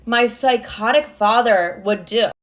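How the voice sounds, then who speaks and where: Young woman, casual storytime narrator, swears freely, slightly high-pitched. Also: a little slow, a bit bright. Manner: chatty, swearing, says "like" constantly.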